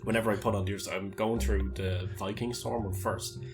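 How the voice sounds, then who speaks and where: A man with a very low voice co-hosts a podcast. He jokes and rambles in loose, teasing banter. Music plays clearly underneath. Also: steady tone, normal speed. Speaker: podcast co-host. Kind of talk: casual banter.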